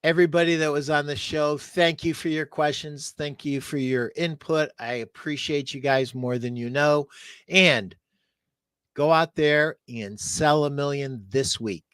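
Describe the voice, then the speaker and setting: A man's voice: fairly high pitch, steady tone, a little slow, fairly bright tone, clean tone, dry recording. A man talking earnestly on a live podcast, getting choked up as he thanks retailers. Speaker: furniture sales rep guest.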